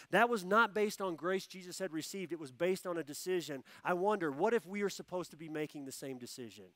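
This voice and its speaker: A man preaches a sermon in a fairly high voice, leaning into stories and acting out the people in them. He repeats key phrases to drive them home. His voice is picked up close and sounds dry, with little room sound. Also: no room sound. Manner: storytelling, animated quoted voices, repeats phrases for emphasis. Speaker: pastor. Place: church.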